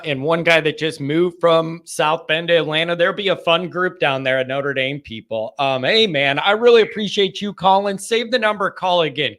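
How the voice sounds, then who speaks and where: Male call-in show host with a higher pitch and a sharp, forceful tone, animated and joking. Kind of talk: live call-in fan chat.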